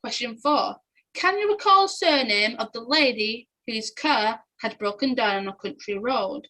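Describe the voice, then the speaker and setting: Giggly young Englishwoman, a bit higher voice, quiz host reading answers off casually. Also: lively intonation, unhurried, pushed and bright, poor audio. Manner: giggly, chatty, often breaks into laughter.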